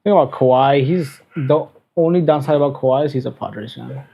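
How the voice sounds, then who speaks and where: A man's voice: medium pitch, brisk, vocal fry, husky, muffled recording. A man co-hosting a podcast, chatting casually with short, dry replies. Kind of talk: casual chat.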